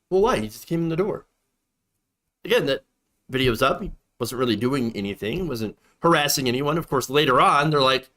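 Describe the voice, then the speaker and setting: A man's voice: a little high, expressive, fairly quick, fairly bright tone. A man hosting a political commentary show, talking emphatically and repeating points for effect.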